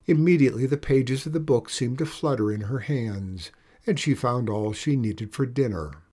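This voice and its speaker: Husky man reading a storybook. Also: mid-range voice, expressive, normal speed, darkish tone. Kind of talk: storybook read-aloud.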